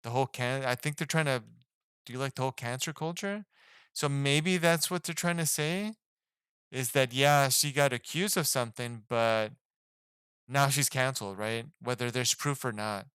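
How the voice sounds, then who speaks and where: A man's voice: mid-range voice, moderate pace, fairly bright tone, clear, resonant tone, dry recording, clean studio sound. A man giving a casual spoken film review, rambling and hesitant, with lots of fillers and restarts. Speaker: movie reviewer.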